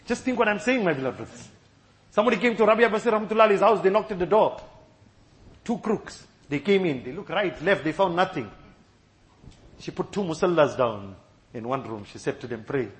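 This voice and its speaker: A high-pitched man delivers a sermon to a mosque gathering, then pleads through a long supplication. His voice breaks with sobs, and he repeats each plea with fervent intensity. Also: expressive, fairly quick. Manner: fervent pleading repetition of "Ya Allah"; sobbing, voice breaking in prayer. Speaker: preacher leading a dua.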